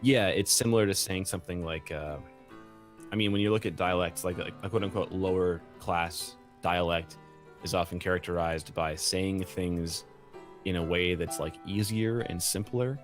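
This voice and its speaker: A man with a very deep voice explains things in a loose, rambling way, full of fillers and restarts. It is relaxed, casual chat. Faint music plays underneath. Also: normal speed. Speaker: game language designer explaining a cipher.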